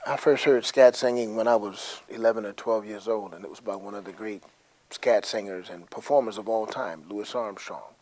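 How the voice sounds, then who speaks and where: A man's voice: fairly low pitch, normal speed, a little mellow. A man teaching music to children, friendly and explaining simply, now and then showing ideas with sung syllables.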